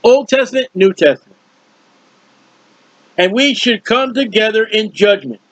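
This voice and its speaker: A man preaching a verse-by-verse Bible teaching, animated and questioning his listeners. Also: sits high, a little slow, dry recording. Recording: dull lo-fi dry recording.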